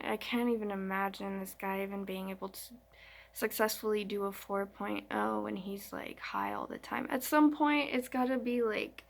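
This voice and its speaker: A woman's voice: mid-range voice, creaky. A young woman vlogger telling a story in a slangy, rambling, frank way. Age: young adult. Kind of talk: casual storytime chat.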